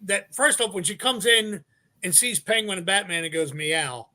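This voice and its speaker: A man with a high, bright voice talks about a movie he loves in a casual podcast chat. He is enthusiastic, laughs often and swears freely. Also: moderate pace. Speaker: podcast co-host. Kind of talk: casual film discussion.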